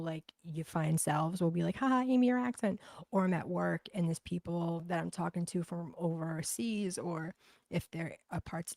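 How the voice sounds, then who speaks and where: A livestream host from Boston, USA, with a thick Boston accent chats bluntly and profanely while reading out comments. Her voice is fairly low and dark with vocal fry, and there's no echo.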